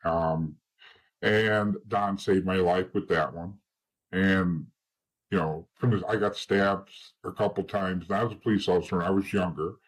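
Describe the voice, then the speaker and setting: Male interview guest, husky voice, blunt and profane storyteller. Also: deep voice, fairly even intonation, normal speed, rough recording. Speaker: interview guest, former informant.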